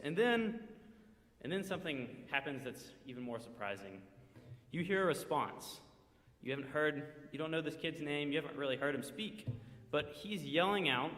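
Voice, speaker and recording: A man's voice: a little high, pushed and bright. Man telling a sermon story in an echoey church. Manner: vivid second-person retelling with quoted asides. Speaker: church speaker. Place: church sanctuary. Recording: echoey church hall with long reverb.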